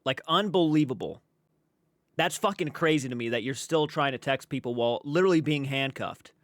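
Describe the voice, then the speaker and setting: A man's voice: medium pitch, animated, brisk, a bit bright, no room sound. A man giving casual, blunt reaction commentary, exasperated and swearing freely.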